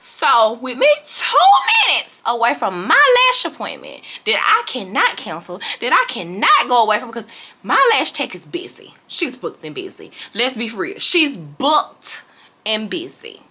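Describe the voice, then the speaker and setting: A woman's voice: fairly high pitch, huge pitch swings, moderate pace, bright, forceful tone, slightly rough. A woman telling a storytime vlog in casual, dramatic chat, calling her viewers y'all. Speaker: vlogger.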